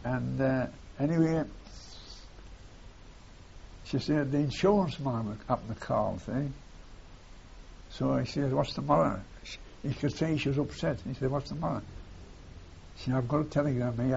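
Recorded on dull, faintly hissing lo-fi tape, an older veteran reminisces for an oral history, wandering from point to point, repeating himself, and ending phrases with "see." He speaks at a normal speed in a medium-pitched, slightly mellow voice with vocal fry and long pauses.

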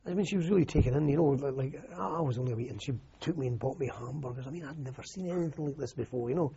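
Speaking rapid-fire in a mid-range voice that's mellow, slightly rough, and full of vocal fry, an older Scottish man recalls his army service. His oral history interview is rambling and anecdotal, with restarts and frequent "you know," captured on a muffled lo-fi recording.

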